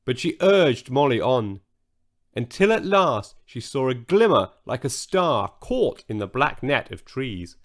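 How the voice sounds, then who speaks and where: A man narrating a children's story aloud in an expressive storytelling manner. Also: medium pitch, measured pace.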